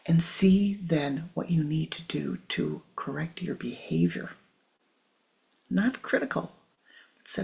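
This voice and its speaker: An older spiritual teacher speaks in a gravelly, mid-pitched voice. The talk is soft and measured, leading into a meditation, and often sinks into a near whisper. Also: low-quality recording.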